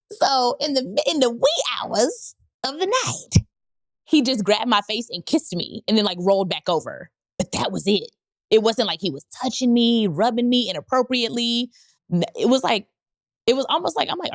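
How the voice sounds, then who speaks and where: A woman podcast host telling a candid personal story, animated and leaping up in pitch when she quotes people. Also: moderate pace, no room sound, clean studio sound. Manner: animated, jumps high when quoting people.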